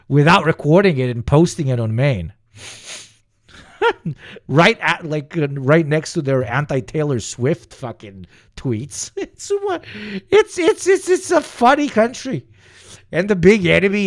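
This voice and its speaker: A young man streaming, reacting to clips in rambling, profane, laughing commentary with many restarts. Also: medium pitch.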